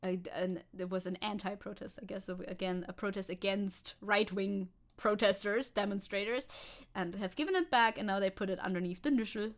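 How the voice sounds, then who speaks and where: A woman's voice: medium pitch, moderate pace. A woman VTuber chatting sarcastically through news on a livestream, laughing often. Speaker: VTuber streamer.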